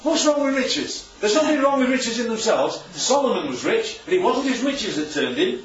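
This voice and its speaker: A very high male voice, very animated and at a moderate pace, belongs to a preacher leading a small church Bible lesson. He constantly asks his listeners questions and slips in jokes, recorded in a dull, roomy, distant lo-fi space.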